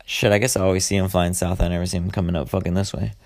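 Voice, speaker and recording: Young male podcast host, deep gravelly voice, loose and foul-mouthed, lots of ums. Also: flat delivery, racing. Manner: rambling, profane, frequent filler words. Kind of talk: casual solo podcast monologue.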